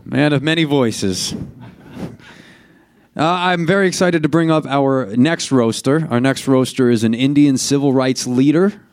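A man's voice: mid-range voice, unhurried, darkish tone. A man hosting a comedy roast, bringing up the next roaster with upbeat, punchy introductions. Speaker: roast emcee. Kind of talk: stage introductions. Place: comedy stage.

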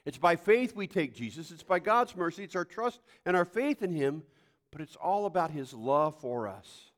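An older pastor preaches a folksy, animated sermon at a moderate pace with a fairly high pitch. He tells homespun stories and now and then breaks into loud outbursts.

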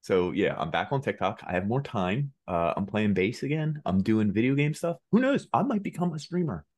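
Low, lively-voiced joking podcast guy. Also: moderate pace. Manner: joking, self-deprecating. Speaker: podcast co-host. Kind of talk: casual chat.

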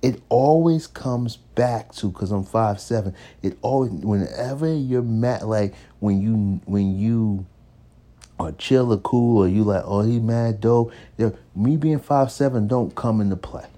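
A man in his thirties telling a dating anecdote in a casual, animated way, laughing now and then and acting out what others said in changing voices. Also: lowish voice, a little slow. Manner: animated, acts out others' lines in shifting voices; laughs between lines. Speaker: storyteller.

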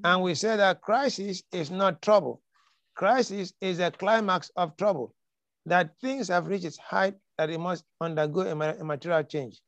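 A man's voice: sits high, normal speed, a bit bright, no echo. A man preaching a sermon, emphatic and repeating his key lines, quoting scripture dramatically. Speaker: pastor.

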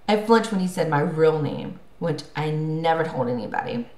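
A woman's voice: on the low side, animated, moderate pace, hardly any pauses, a little mellow. Woman narrating an audiobook, roomy sound. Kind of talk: first-person audiobook narration. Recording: roomy echo.

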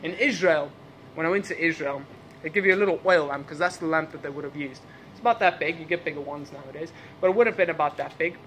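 A man preaches during a church service in English, which is not his first language, speaking fast with a fairly high, fairly bright voice over slight background noise. He asks the same questions again and again and laughs at his own side remarks.

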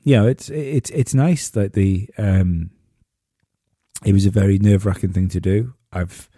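Low-voiced man, rambling podcast chat. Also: unhurried, mellow, breathy edge, dry recording, clean studio sound. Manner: rambling storyteller with many restarts. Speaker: podcast host.

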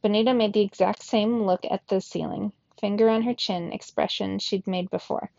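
A woman reading a children's novel aloud in a steady first-person narration. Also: mid-range voice, normal speed, vocal fry, dry recording, muffled recording. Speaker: reader.

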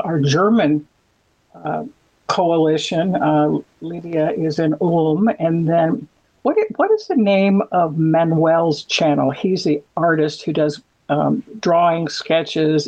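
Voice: mid-range voice, unhurried, a little mellow, poor audio. A podcast co-host chatting casually, rambling with many fillers and restarts. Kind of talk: casual chat.

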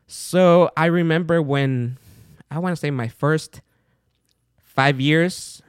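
A man hosting his own show, telling a casual, animated story full of fillers and retold dialogue, with non-native English phrasing. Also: on the high side, slow, clear, resonant tone, dry recording, clean studio sound. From outside the United States. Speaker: podcast host.

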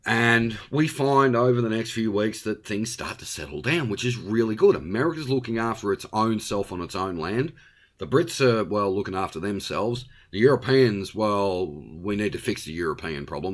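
Blunt Australian male host, opinionated monologue, very lively pitch. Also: normal speed. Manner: blunt and ranting, with frequent tag questions.

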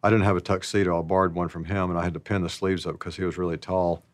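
A man's voice: low voice, level tone, quick pace, dry recording. A man in his sixties telling stories from his life in a rambling, folksy, self-deprecating way, full of "you know" asides. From American South. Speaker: actor telling his story. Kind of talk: reflective storytelling.

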